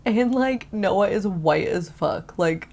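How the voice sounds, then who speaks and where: A woman's voice: mid-range voice, expressive, slow pace, a little mellow. A woman giving casual, laid-back reaction commentary on a comedy clip, drawling and filling her speech with "like".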